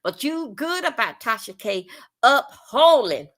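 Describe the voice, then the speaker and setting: A woman's voice: sits high, big pitch swings, unhurried, a bit bright. A woman from Florida with a Southern accent, ranting bluntly and profanely on a live stream, rambling and repeating herself. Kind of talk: live-stream commentary rant.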